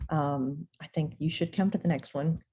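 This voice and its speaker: A woman's voice: sits low, moderate pace, dark tone, husky, muffled recording. A woman from Oklahoma with a slight Southern accent, talking as a podcast guest in an eager, persuasive way. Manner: enthusiastic, persuasive. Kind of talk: casual conversation.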